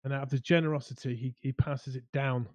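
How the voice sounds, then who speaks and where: A man's voice: medium pitch, steady tone, quick pace, no echo, dull audio. A man co-hosting a casual hobby chat show, rambling and restarting his sentences as he weighs his options. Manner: rambling, hesitant, many restarts. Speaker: co-host.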